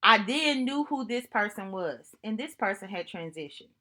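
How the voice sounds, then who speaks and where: A woman speaking to camera in an earnest, reflective monologue, telling personal stories in an unhurried way and often repeating herself for emphasis. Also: mid-range voice, expressive, bright, forceful tone. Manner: earnest, thoughtful, unhurried storytelling with repetitions. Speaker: vlogger.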